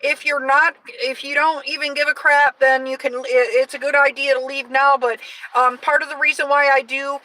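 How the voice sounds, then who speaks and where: A woman in her forties hosting a casual live stream, loud and energetic, chatting with many fillers and restarts. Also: high voice, moderate pace, distant mic, poor audio. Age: 40s.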